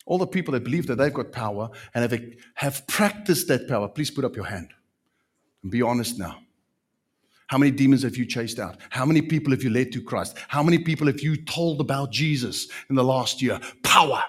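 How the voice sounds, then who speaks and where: South african preacher guy, husky, gets animated, keeps throwing questions at the crowd. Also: mid-range voice, a little fast. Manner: animated, emphatic, rhetorical questions. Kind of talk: sermon.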